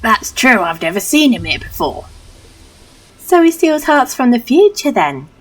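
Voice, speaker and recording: A woman doing a high, stubborn young child. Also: a little slow. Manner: childish, insistent, lively.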